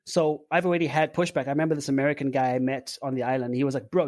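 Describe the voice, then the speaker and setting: A man in his forties from Zimbabwe, a podcast guest talking in a relaxed, rambling way with filler words. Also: medium pitch, quick pace, hardly any pauses, no echo. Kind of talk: casual interview chat.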